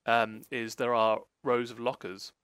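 A man's voice: mid-range voice, little pitch movement, a little slow, a bit bright, clean tone, dry recording. A man narrating a tabletop role-play game as game master, rambling with lots of fillers.

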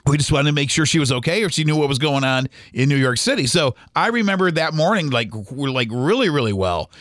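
A middle-aged man, a podcast host and former radio DJ, telling a story in a halting, rambling way with many restarts. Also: on the high side, lively intonation, a bit bright, dry recording, studio quality. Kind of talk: casual storytelling monologue.

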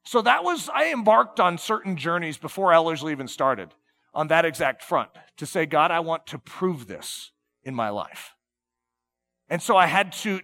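A male preacher delivering a sermon with a high, bright voice and a gravelly edge. He talks earnestly to his congregation, dropping low and gentle, then pressing hard on key points. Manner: earnest, swinging between soft and emphatic.

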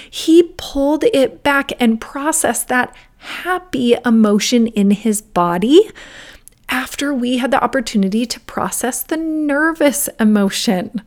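A woman with a fairly high voice hosts a parenting talk, unhurried and gentle as she tells a story and guides her listeners. She often lets her voice sink into a soft whisper. Her pace stays slow and deliberate throughout. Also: lively intonation. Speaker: parenting podcast host.

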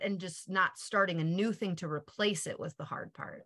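A woman's voice: fairly low pitch, moderate pace, a bit bright. A woman hosting a podcast interview, asking chatty, curious follow-up questions. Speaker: podcast host.

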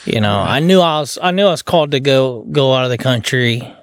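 A man's voice: medium pitch, expressive, fairly quick, no room sound. A man with a mid-range voice co-hosts a casual podcast. He jumps in often and talks with eager enthusiasm. The recording is dry and close. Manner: enthusiastic, interjecting, says man and dude.

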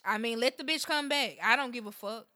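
A woman hosting a podcast in casual, profane chat, telling stories in a lively way and laughing. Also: fairly high pitch, brisk. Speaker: podcast host.

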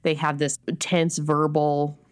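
A woman's voice: low voice, completely flat delivery, slow pace, clear, resonant tone. A woman co-hosting a podcast, casually retelling a story and quoting the characters as she goes. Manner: chatty, retells scenes with quoted voices. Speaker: podcast co-host. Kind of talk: casual book discussion.

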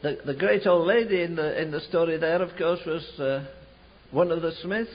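A man preaching a sermon, telling a revival story in an animated way, slowing and rising for emphasis. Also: a little high. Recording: dull lo-fi recording.

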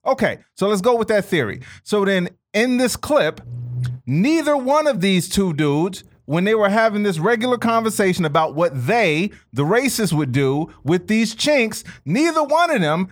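Insistent high-voiced man pushing back. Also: big pitch swings, normal speed. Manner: insistent, interrupts, repeats words. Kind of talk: heated casual debate.

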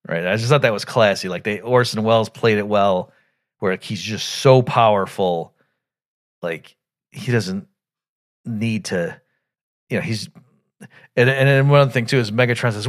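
A man hosting a podcast, casually recapping an old animated film, thinking aloud with restarts and acting out quoted lines in sudden loud bursts. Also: lowish voice, normal speed. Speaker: podcast host.

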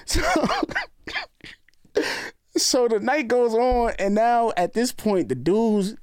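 A man from the New York area telling a long story in casual chat, animated and acting out other people's lines. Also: sits high, slow pace, smooth, dry recording, studio quality. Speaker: storyteller guest.

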